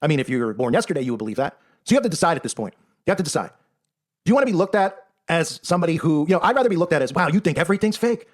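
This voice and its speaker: This online commentator speaks fast in a slightly high, sing-song voice. His rapid-fire monologue is sarcastic and emphatic, with "right?" tacked onto many of his points.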